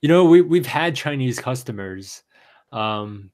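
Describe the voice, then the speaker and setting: A man co-hosting a casual podcast chat, talking haltingly with frequent fillers and restarts. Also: medium pitch, expressive, a little mellow. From Taiwan. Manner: hesitant, many restarts and fillers. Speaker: podcast co-host.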